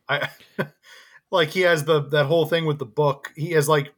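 A man co-hosting a movie podcast in casual chat, animated and jokey, with many restarts. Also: on the high side, normal speed. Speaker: podcast co-host.

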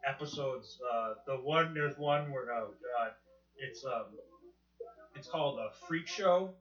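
A young man co-hosting a podcast in casual chat, rambling excitedly, swearing often and restarting his sentences. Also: medium pitch, unhurried. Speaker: podcast co-host. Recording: roomy, muffled podcast recording.

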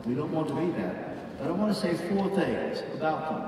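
A man's voice: on the high side, big pitch swings, normal speed, darkish tone, a little hiss or hum. An older man preaching a sermon as a pastor, earnest and emphatic, acting out the voices he quotes. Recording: echoey hall, from far off.

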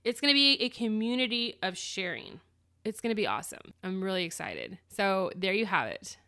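Bright-voiced chatty woman podcaster. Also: mid-range voice, expressive, moderate pace. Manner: chatty, rambling with restarts and quoted dialogue. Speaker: podcast host. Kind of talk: casual solo podcast monologue.

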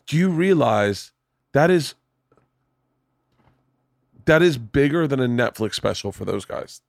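A man who is a comedian, a guest on a podcast, chatting casually in an excitable, rambling way with plenty of swearing. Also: mid-range voice, unhurried, vocal fry, dry recording, studio quality. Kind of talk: casual chat.

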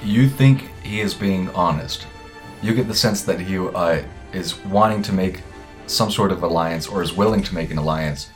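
A man's voice: deep voice, moderate pace, faint music behind. A man running a tabletop game as game master, explaining rules and outcomes. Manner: explains rules with many fillers and restarts.

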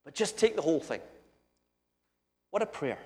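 A man with a Scottish accent preaching a sermon in a lively, joking way that builds to emphatic points. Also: on the high side, moderate pace. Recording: echoey hall with long reverb.

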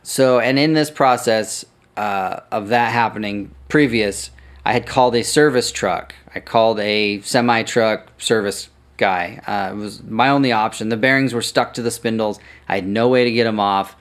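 A man's voice: medium pitch, moderate pace. A man hosting a podcast, telling a story casually, swearing freely and correcting himself as he goes. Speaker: podcast host.

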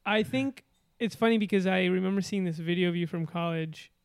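A man's voice: sits high, fairly quick, creaky, smooth, dry recording, clean studio sound. A man from Argentina whose first language is Spanish, chatting casually and hesitantly, often searching for words. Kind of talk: casual chat.

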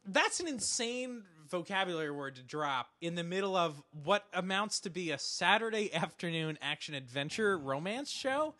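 Lively high-voiced man recapping a show. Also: moderate pace, few pauses. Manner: animated, acts out lines in quoted voices. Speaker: podcast co-host. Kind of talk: casual chat recapping a TV episode.

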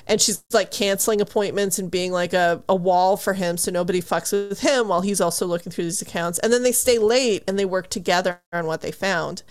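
A woman's voice: lowish voice, brisk, hardly any pauses. A woman co-hosting a casual book podcast who retells the plot with gusto, acts out the characters' lines and laughs and swears freely. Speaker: podcast co-host. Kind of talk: casual book review chat.

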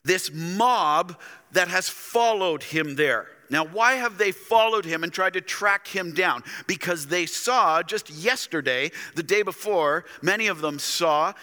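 A pastor with a high, sharp-toned voice preaches to his church at a measured pace. He's dramatic and speaks directly to the congregation, his words echoing through the church hall.

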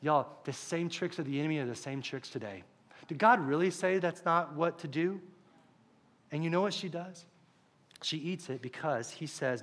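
Lively young pastor preaching. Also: male voice, fairly high pitch, normal speed. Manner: conversational, animated, storytelling. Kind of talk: sermon.

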